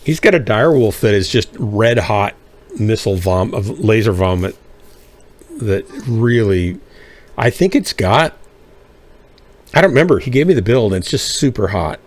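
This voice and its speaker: This man's voice is lowish and expressive, at normal speed with frequent pauses. While streaming a mech game, he keeps up casual, playful chat with his teammates, humming and scatting during the waits.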